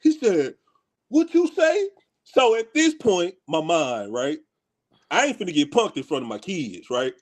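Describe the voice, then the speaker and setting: A man from Houston telling a story in casual talk with friends, animated and slangy, laughing as he goes. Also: fairly high pitch, normal speed. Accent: Houston, Texas. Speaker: podcast co-host.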